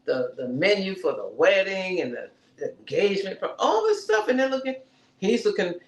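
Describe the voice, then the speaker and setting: A man co-hosting a TV review podcast, telling the story of an episode in a lively way and acting out what the characters say. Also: high voice, moderate pace. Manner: animated, retells scenes and acts out the characters' lines. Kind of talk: casual review chat. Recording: roomy echo.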